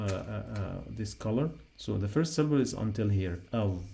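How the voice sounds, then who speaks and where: Slow gravelly-voiced male teacher. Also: lowish voice, dark tone. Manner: repeats sounds patiently, spells them out while writing. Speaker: Arabic teacher. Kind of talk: slow spoken writing lesson.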